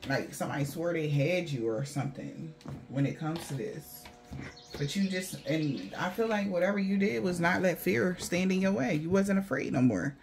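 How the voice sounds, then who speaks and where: Brief: man, somewhat higher voice, blunt and profane spiritual reader, mocks the people he talks about. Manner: blunt, profane, mocking, slangy. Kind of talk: casual intuitive reading to viewers.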